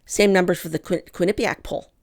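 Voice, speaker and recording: A woman's voice: on the low side, steady tone, fairly quick, gravelly. A woman hosting a political commentary show, talking straight to her listeners with strong feeling and heavy emphasis. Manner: impassioned, emphatic, addresses listeners as "people". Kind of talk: commentary monologue to camera.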